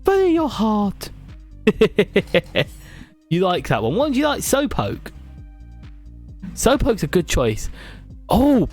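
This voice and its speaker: British male streamer, higher voice, chatty and jokey, live to viewers. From Britain. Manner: chatty, jokey, reads and answers chat. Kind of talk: live tier-list chat with viewers.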